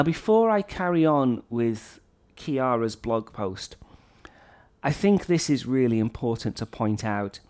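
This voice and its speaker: A middle-aged male teacher from North Wales speaks in an even, mid-range voice. He talks through a blog post for other teachers in an earnest, explanatory way, and he often repeats phrases to drive a point home. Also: mid-range voice. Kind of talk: educational talk reading and commenting on a blog post.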